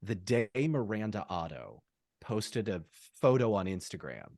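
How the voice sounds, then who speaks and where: A man in his thirties, a podcast guest, telling stories in a rambling, animated way with quick laughs. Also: lowish voice, dry recording, studio quality. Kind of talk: casual podcast chat.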